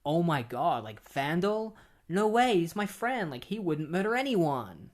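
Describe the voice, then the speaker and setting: A man's voice: on the high side, very animated, a little slow. A man voicing an earnest adult male hero in a comic book recap. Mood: stunned.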